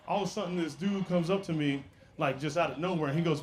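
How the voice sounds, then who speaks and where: A man's voice: fairly high pitch, quick pace, noisy background. A man doing a stand-up comedy set, telling stories in a brash, playful way with asides to the crowd.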